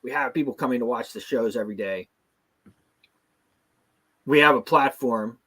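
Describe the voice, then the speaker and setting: A man's voice: medium pitch, normal speed, a bit bright, husky. A middle-aged man from the United States hosting a casual talk show, rambling with many restarts and fillers. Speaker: show host. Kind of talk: casual chat.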